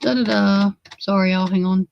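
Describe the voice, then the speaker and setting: A woman's voice: mid-range voice, fairly even intonation, moderate pace, gravelly, highs cut off, slight background noise. A woman hosting a casual true crime livestream, sleepy and yawning, rambling and swearing in exasperation as she talks to her chat. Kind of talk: casual live commentary.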